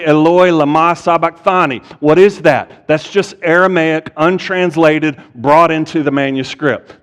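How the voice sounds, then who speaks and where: Man preaching in a reverberant church. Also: a little high. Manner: explanatory, asks the audience rhetorical questions. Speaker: pastor. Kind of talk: teaching sermon. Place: church sanctuary. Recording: long hall reverb.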